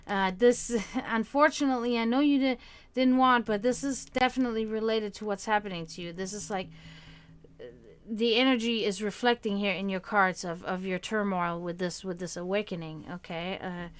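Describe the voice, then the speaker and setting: A woman doing tarot readings on a casual live stream, who now and then breaks off to softly comfort her cat. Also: mid-range voice, moderate pace, clean tone. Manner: soothing baby talk to her cat, then plain card reading. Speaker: tarot reader and stream host.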